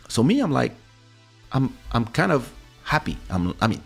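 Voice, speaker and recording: A man hosting a podcast, telling a story in a casual way and acting out what people said with big jumps in pitch. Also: normal speed, gravelly, slightly rough, faint music behind. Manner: animated, acts out quoted speech with big pitch jumps. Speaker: podcast host. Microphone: studio microphone.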